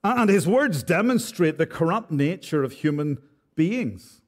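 A man's voice: fairly high pitch, animated, a little slow. A man preaching an expository sermon in church, earnest and direct, with frequent rhetorical questions. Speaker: pastor.

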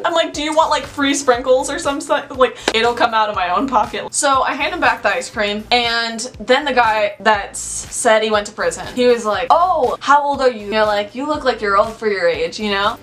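A woman's voice: a little high, moderate pace, faint music behind. A young woman vlogger telling a storytime, chatty and full of "like" fillers. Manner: chatty, fillers of "like", animated retelling. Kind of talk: storytime vlog.

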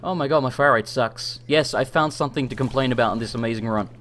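A young English man streaming a game, chatting and reacting excitably, sometimes swearing when things go wrong. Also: mid-range voice, fast talker, slight background noise. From England. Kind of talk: live gameplay commentary.

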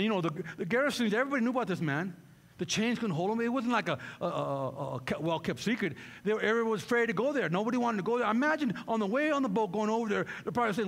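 A man's voice: high-pitched, animated, fast talker, long reverb tail. A man pastor preaching a sermon, fervent and full of repeated rhetorical questions.

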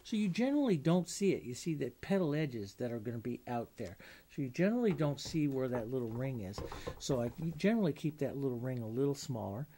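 A man's voice: medium pitch, sing-song, fairly quick, warm tone, a little hiss or hum. A man teaching a painting lesson, demonstrating as he works, chatty and informal, often asking himself questions and then answering them. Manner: casual, thinking aloud, asks and answers own questions. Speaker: painting instructor.

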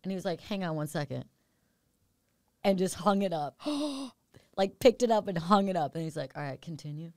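A woman hosting a podcast, chatting casually and telling a story with lots of fillers and animated quoted dialogue. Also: fairly low pitch, moderate pace, pauses often, no room sound, clean studio sound. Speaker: podcast host. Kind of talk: casual chat.

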